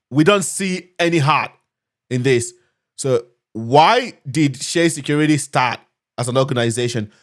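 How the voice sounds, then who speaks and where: A man hosting a live screen-share tutorial on cybersecurity, chatty and upbeat, talking straight to his viewers. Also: a little high. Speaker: cybersecurity instructor hosting a live learning session.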